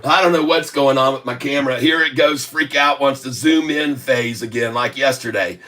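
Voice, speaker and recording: A man in his sixties from the South with a Southern accent, hosting a rambling livestream, loud and laughing, with rhymes thrown in. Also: medium pitch, moderate pace. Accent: Southern American. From Southern United States. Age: 60s. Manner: boisterous, rhyming, laughing often. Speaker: livestream host. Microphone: webcam mic.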